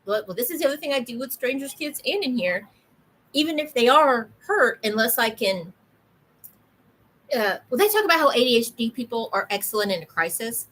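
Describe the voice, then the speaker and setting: Animated woman telling stories, high voice. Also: brisk, low-quality recording. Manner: animated storyteller, acts out voices. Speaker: podcast co-host. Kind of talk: casual chat.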